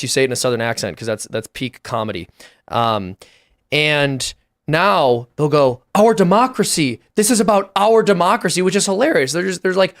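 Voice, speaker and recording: A man co-hosting a political talk show, chatting casually with wry, sarcastic asides. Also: on the high side.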